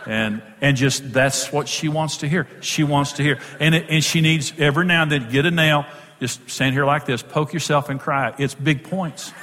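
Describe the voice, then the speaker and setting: A middle-aged man teaches couples about marriage with plenty of self-mocking humour, slipping into quick impressions along the way. His voice sits a little high for a man. It rings out with the long reverb of a big hall. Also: background noise. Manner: jokey, self-deprecating, acts out quotes. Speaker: marriage speaker. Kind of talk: humorous teaching talk to couples.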